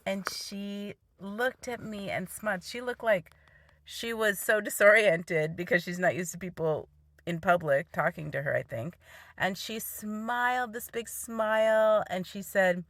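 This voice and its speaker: A woman's voice: medium pitch, fairly even intonation, a little slow, a bit bright, no echo. A woman telling a personal story in a casual way, often laughing as she goes. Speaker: vlogger.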